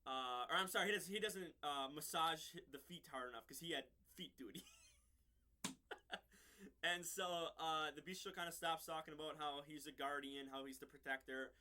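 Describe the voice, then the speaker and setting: A man's voice: fairly high pitch, normal speed, sharp tone. A young man casually recapping a TV episode, rambling with many ums and restarts. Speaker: reviewer.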